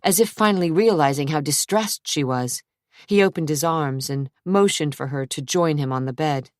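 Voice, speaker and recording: A woman narrating an audiobook in a measured, unhurried way, close to the mic. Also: deep voice, dry recording. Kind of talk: scripted narration.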